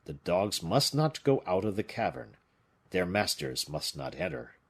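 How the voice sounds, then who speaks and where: A man voicing a calculating, commanding bishop-musketeer, measured and deliberate, with a low husky voice. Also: sing-song, full character voice. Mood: cool command.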